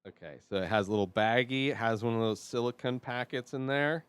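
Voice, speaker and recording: A man hosting his own vlog, nervous and rambling with many fillers, swinging between quiet mutters and loud outbursts. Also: medium pitch, brisk, smooth, dry recording. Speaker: show host. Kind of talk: casual solo vlog.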